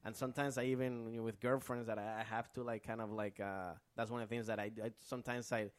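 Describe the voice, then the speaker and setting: Comedian guest from Venezuela, man, mid pitch, casual rambling chat, dry close mic. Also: level tone, fast talker, clean tone, no echo. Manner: rambling, full of restarts and "like"; acts out relatives' lines in a higher voice.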